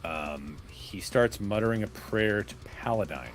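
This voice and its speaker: Low-voiced man playing a tabletop game. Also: animated, faint music behind. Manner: halting, describing his character. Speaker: player. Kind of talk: casual game talk.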